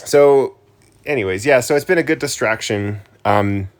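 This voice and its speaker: A man's voice: medium pitch, moderate pace. A man in his thirties from New Mexico, co-hosting a casual podcast from his living room couch, rambling and correcting himself as he talks. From New Mexico, USA. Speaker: podcast co-host, teacher. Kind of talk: casual chat.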